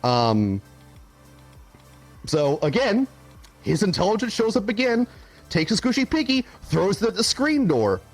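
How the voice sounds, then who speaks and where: A young man spins a story on a podcast with a lively, swinging pitch, a little on the high side. He laughs often and swears casually, and soft music plays underneath. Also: a little slow, long pauses. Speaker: podcast co-host.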